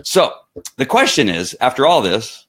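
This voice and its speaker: A man's voice: medium pitch, very animated, moderate pace, fairly bright tone. A man vlogging, telling a personal story in a rambling casual way with many asides. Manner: rambling, with frequent restarts and asides.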